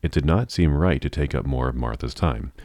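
A man narrating an audiobook in a steady storytelling manner. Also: rumbling low, brisk, no echo.

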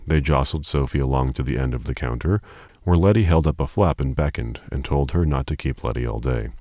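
Very deep-voiced male audiobook narrator. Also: a little fast, a little mellow, no echo.

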